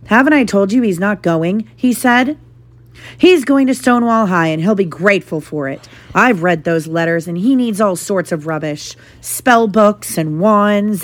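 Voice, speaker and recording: A woman reading a novel aloud to her child, lively and animated, with brief asides. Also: mid-range voice, a little slow.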